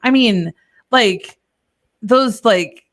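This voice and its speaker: A woman's voice: a little high, extremely slow. A woman co-hosting a podcast, reflective and thinking aloud in casual conversation. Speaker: podcast co-host. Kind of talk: casual interview chat.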